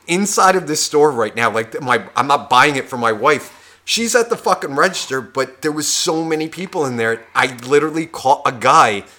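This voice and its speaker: A man co-hosting a podcast, telling a profane story in a casual, animated way and acting out the people in it. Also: a little high, normal speed. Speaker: podcast co-host.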